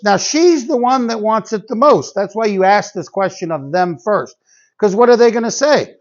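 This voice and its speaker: A man explains a sales close in a folksy, plain-spoken way, stopping to act out what a couple would say. His voice sits high for a man. The recording sounds dull and lo-fi. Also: sing-song, normal speed. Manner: folksy, plain-spoken, acts out customer dialogue. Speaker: sales trainer. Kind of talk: instructional talk to salespeople.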